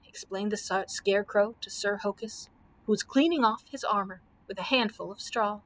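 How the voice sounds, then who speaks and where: A woman librarian reading a children's book aloud, steady with small slips. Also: mid-range voice, moderate pace, slight background noise. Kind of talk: storybook read-aloud.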